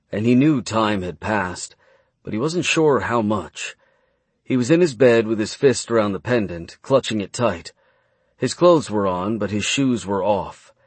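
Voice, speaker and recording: A man narrating a fantasy novel as an audiobook, reading in a measured, dramatic way. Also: on the low side, slightly rough, dry recording.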